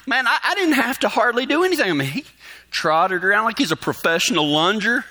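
A man's voice: high-pitched, very animated, a little fast, bright, forceful tone. A man preaching, telling a folksy story and chuckling often as he talks. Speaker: pastor. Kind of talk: storytelling sermon.

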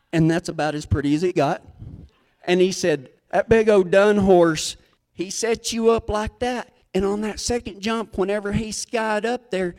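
A man delivers a cowboy sermon in a folksy, drawling voice. His pitch sits high and swings widely as he spins a self-mocking rodeo tale. He is animated and unhurried. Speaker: cowboy preacher. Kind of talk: sermon with a comic rodeo story.

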